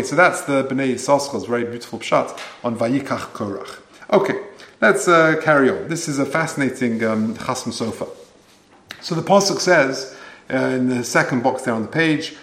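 A man's voice: mid-range voice, creaky, fairly bright tone, echoey room. A man giving a Torah class, translating each phrase into as he goes and often restarting his sentences. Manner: explains each Hebrew phrase in English, with frequent restarts. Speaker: Torah teacher.

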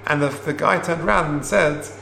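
A man teaching a Torah class, explaining Hebrew terms and telling a story in an unhurried way with many fillers. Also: fairly high pitch, vocal fry, sharp tone. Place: classroom, also streamed online. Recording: roomy with faint hum.

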